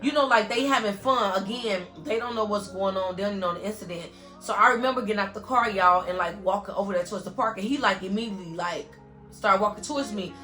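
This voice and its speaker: A woman's voice: medium pitch, fast talker, bright, forceful tone, faint music behind. A young woman vlogger telling an emotional story-time monologue, earnest and talking straight to her viewers. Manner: earnest, talks straight to viewers with constant "y'all".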